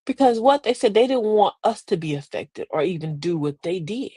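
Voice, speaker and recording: A woman's voice: mid-range voice, lively intonation, moderate pace, warm tone, husky, no room sound. A middle-aged woman hosting a live motivational talk, folksy and preachy, with emphatic delivery. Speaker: host.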